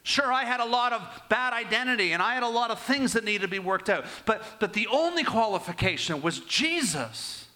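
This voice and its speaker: Animated preacher, older man. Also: high voice, brisk, hardly any pauses. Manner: animated, swinging between raised and hushed delivery. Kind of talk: sermon with personal storytelling.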